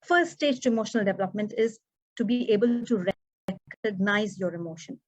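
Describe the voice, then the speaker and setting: A woman, giving an expressive prepared speech as an educator and acting out quoted dialogue. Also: mid-range voice, fairly quick. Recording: dull muffled recording.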